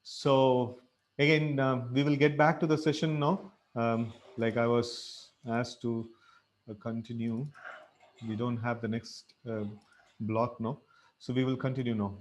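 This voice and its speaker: A man's voice: mid-range voice, steady tone, a little slow. Hesitant man teaching. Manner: hesitant, with frequent fillers and self-corrections. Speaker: scripture reading leader. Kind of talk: pronunciation lesson, online class.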